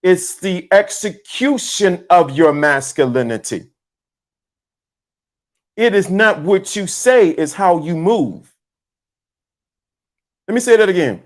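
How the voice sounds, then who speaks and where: A man's voice: high-pitched, lively intonation, slow, pauses often. A man preaches to his livestream viewers. He repeats key lines and spells words out letter by letter in a motivational talk. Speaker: livestream host.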